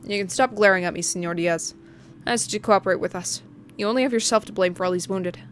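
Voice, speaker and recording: A woman's voice: medium pitch, fast talker, slight background noise, natural voice. Woman reading as a smug cold commander. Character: cold scheming male commander, smug and menacing.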